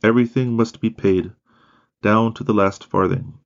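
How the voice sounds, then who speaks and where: A man reading the words of a humble, pious dying nun in a slow, hushed, prayerful way. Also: fairly low pitch, fairly even intonation, gravelly, lo-fi sound.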